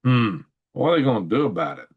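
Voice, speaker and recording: A man at his home computer talks through news stories for his channel. His voice sits at an ordinary middle pitch. He rambles, chuckles to himself and thinks out loud between articles. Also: very animated, fast, slightly rough, phone-quality sound. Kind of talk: casual screen-share news commentary.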